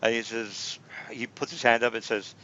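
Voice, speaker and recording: A man's voice: mid-range voice, steady tone, moderate pace, sharp tone. A man narrating a tabletop game as game master, rambling and repeating himself with many fillers. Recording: dull lo-fi recording.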